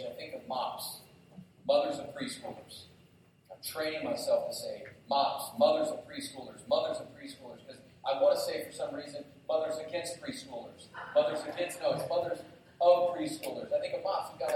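A middle-aged man preaching a sermon as pastor, telling lively stories with self-mocking humor. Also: on the high side, far from the mic, a little hiss or hum. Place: church sanctuary. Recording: very echoey hall, heard from afar.

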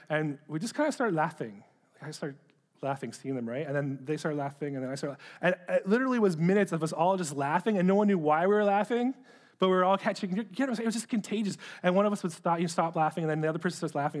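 A man's voice: fairly high pitch, quick pace. A middle-aged man preaching a sermon, earnest, often repeating words as he starts a phrase. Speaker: pastor.

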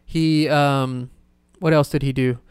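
Young guy, podcast host, loose rambling chat, smooth clear voice, dry close sound. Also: mid-range voice, steady tone, slow pace, a little mellow, no room sound. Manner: rambling, full of "like" fillers and laughter. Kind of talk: casual storytelling chat.

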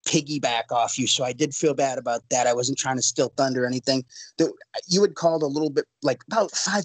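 Higher-voiced guy on a sports podcast, earnest and a bit apologetic, dry sound. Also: no room sound, low-quality recording. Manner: earnest, apologetic, talks at length. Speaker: podcast co-host. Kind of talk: casual sports podcast chat.

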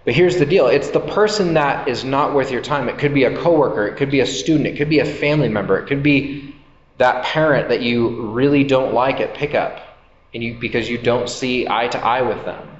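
A man's voice: mid-range voice, fairly quick. A man preaching a sermon as a pastor, talking in a loose, conversational way and acting out the voices of the people in his stories. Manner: conversational, acts out quoted voices. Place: church hall. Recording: echoey hall, slightly dull sound.

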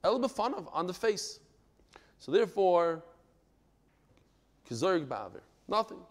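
A man from Brooklyn, New York, teaching a Talmud class in a lively, digressive way, breaking into joking stories. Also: high-pitched, measured pace. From United States (Brooklyn, New York).

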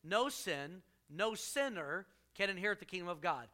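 A man preaching a sermon to a congregation, joking with the crowd and punching key lines with sudden loud emphasis. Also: sits high, animated, moderate pace, hardly any pauses. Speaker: pastor.

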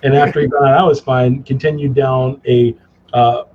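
A man guest in a casual interview, telling stories in an animated way, laughing and acting out his father's gruff lines. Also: medium pitch, normal speed, dull audio, slight background noise. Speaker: cigar company guest.

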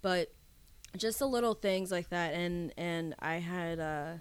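Low-voiced woman, rambling casual chat. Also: slow, smooth, dry recording. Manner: rambling, swearing, restarts often. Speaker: podcast co-host.

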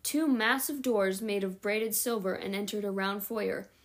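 A woman's voice: mid-range voice, fairly even intonation, unhurried. A woman reading a novel aloud at home, with small slips and self-corrections along the way. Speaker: audiobook reader.

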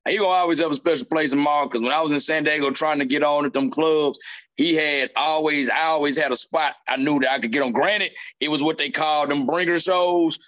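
Lively high-voiced male comedian telling stories. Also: a little fast. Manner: animated storyteller acting out quotes. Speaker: stand-up comedian. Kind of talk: casual chat between comedians.

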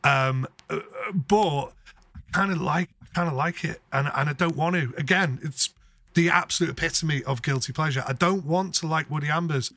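Bright, higher-pitched man, swears with gusto, dry close mic. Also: moderate pace, no room sound. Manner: sweary, enthusiastic. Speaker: podcast co-host. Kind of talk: casual chat.

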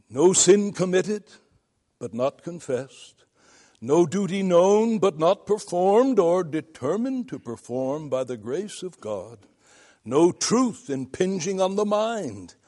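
An older male pastor lectures like a preacher, earnest and emphatic. He takes his time, pausing between phrases, and his voice sits a little higher than most men's. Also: a little mellow. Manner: earnest, emphatic preaching with long deliberate pauses. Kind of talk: seminary lecture in sermon style.

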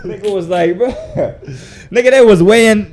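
A young man from Mali telling a story in casual chat, animated and profane, acting out what people said. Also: high voice, normal speed, crowd noise.

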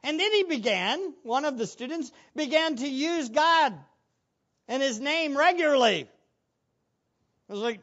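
A man's voice: very high voice, expressive, measured pace, long pauses, a bit bright, highs cut off. A man preaching a sermon as pastor, earnest and asking the congregation rhetorical questions.

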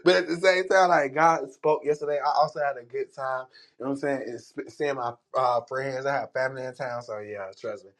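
A man hosting a podcast, talking casually in slang, emotional, dropping quiet then rising loud. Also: mid-range voice, fairly quick. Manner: emotional, slangy, swings between hushed and loud. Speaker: podcast host. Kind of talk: casual morning check-in chat.

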